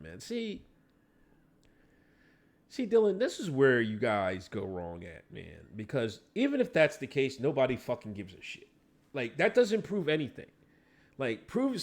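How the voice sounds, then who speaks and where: A man hosting a casual livestream, ranting and talking back to his chat with lots of profanity. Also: sits high. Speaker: livestream host.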